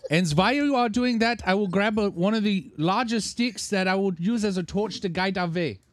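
A man's voice: sits high, normal speed, no echo, clean studio sound, lightly acted. A man voicing a pompous adventurer who leads the group in stiff, formal speech. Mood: commanding.

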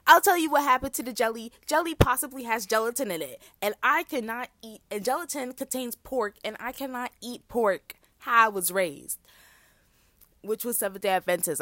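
A woman's voice: medium pitch, no echo. Young american woman doing a solo podcast, super chatty, lots of "like" and asides, dry close sound. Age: young adult. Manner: chatty storytelling, full of fillers and asides to listeners. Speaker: podcast host. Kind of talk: casual solo podcast chat.

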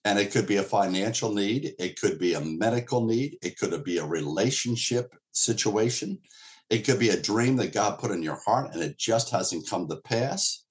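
A man with a fairly low voice gives a casual Bible teaching to an online group. He talks like a pastor chatting with his congregation, calling them folks and circling back over his words. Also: lively intonation, moderate pace. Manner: conversational, repeats words and restarts, addresses listeners as folks. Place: streamed church teaching session.

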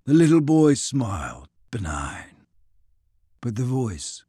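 Expressive husky male audiobook narrator. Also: medium pitch, slow pace, dry recording, studio quality. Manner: dramatic, expressive reading. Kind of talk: scripted narration.

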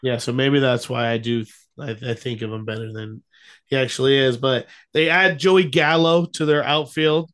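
A man's voice: mid-range voice, steady tone, moderate pace, fairly bright tone, clean tone. A young man co-hosting a podcast, chatting casually about baseball with easygoing ums and restarts. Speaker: podcast co-host. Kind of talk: casual sports chat.

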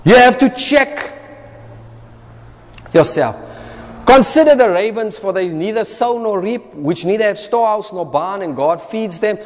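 A South African man delivers a sermon in a somewhat high voice, driving each point home through repetition. He swings between loud bursts and quiet asides, and his words ring out with the long reverb of a church hall. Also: lively intonation, unhurried. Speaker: preacher.

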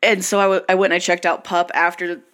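A woman hosting a podcast, explaining things in a relaxed, rambling, casual way. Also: on the low side, fast talker. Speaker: podcast host. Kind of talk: casual chat.

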